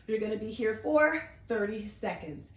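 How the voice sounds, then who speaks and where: A woman with a medium-pitched voice and lively intonation coaches viewers through a mat workout at home at a moderate pace. She demonstrates as she talks, upbeat, encouraging and a bit breathless, heard through a distant camera mic in an echoey room.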